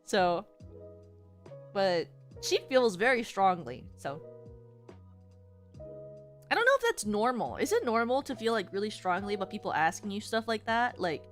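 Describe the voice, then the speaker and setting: A woman's voice: medium pitch, sing-song, moderate pace, long pauses, faint music behind. Chatty woman streamer rambling casually. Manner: rambling, chatty, many "like" fillers. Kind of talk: casual chat to stream viewers.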